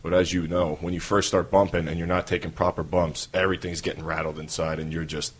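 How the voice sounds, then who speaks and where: Deep-voiced New York man telling stories. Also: fast, breathy edge. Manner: relaxed storytelling with fillers. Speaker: podcast guest, wrestler. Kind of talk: casual interview talk.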